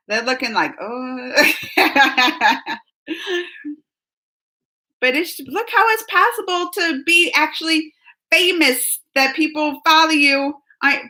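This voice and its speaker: Woman, live-chat host at home; high, bright, chipper and talkative. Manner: chipper and chatty, reads viewer names aloud. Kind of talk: casual live-stream chat. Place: at home, just out of bed.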